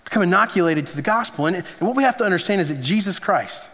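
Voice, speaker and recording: A man preaching in a loose, storytelling way, repeating words as he builds his point. His voice sits high for a man. A long reverb from the hall trails each phrase. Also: fast talker. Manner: animated, conversational storytelling with restarts. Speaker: pastor. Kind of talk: sermon.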